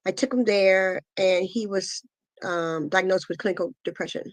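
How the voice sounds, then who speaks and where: A middle-aged woman giving a guest interview, telling a painful personal story in an earnest, halting way full of pauses and fillers. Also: medium pitch, fairly even intonation, no echo. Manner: earnest, intense retelling. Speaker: guest, asthma foundation founder. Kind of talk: emotional personal testimony.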